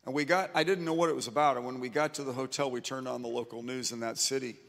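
A man's voice: medium pitch, steady tone, quick pace, creaky, fairly bright tone, in a large hall. A male pastor preaching a conversational sermon, often repeating words as he restarts his sentences. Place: church.

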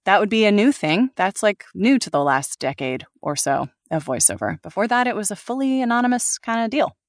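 A woman voice actor talking casually in an interview, animated, laughing often and restarting her sentences. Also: mid-range voice, brisk, dry recording, studio quality. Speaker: voice actor guest.

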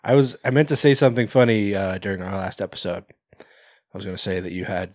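A man's voice: lowish voice, fast talker, dry recording, studio quality. A man hosting a podcast in casual chat, rambling, swearing and laughing often. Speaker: podcast host.

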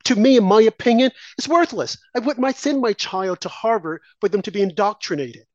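A man's voice: sits high, a little fast, darkish tone, dry recording, lo-fi sound. A man hosting a political talk show, preaching his point through strings of rhetorical questions that climb toward exclamations. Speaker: show host.

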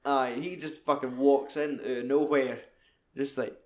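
A young Scottish man chatting casually about a film, swearing a lot and acting out lines in quick put-on voices. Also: mid-range voice, fairly even intonation, darkish tone.

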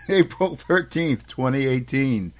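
A man's voice: medium pitch, expressive, slow. A man with a Boston accent hosting a podcast, chatting casually in a joking, rambling, self-mocking way. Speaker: podcast host.

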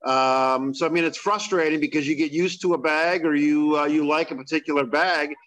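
A man's voice: fairly high pitch, steady tone, moderate pace, a bit bright, poor audio. A man hosting an interview, asking chatty, folksy questions with fillers. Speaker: interview host. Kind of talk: casual interview.

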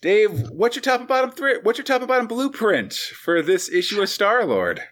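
A man's voice: sits high, very animated, normal speed, a bit bright. A man co-hosting a comic podcast in casual chat, laid-back and drawling. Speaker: podcast co-host.

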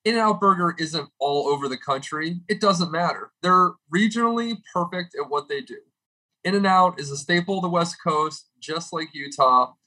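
Young male podcast regular, comic rant, bright tense tone. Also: on the high side, normal speed, rough recording. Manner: animated, exaggerated comedic delivery with swearing. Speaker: podcast regular with a comedic food segment.

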